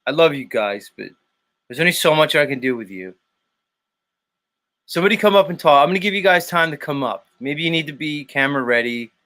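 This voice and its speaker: A man's voice: fairly high pitch, lively intonation, fast talker, pushed and bright. A man hosting a morning livestream in casual chat, reading out the chat, laughing a lot and swearing. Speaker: livestream host.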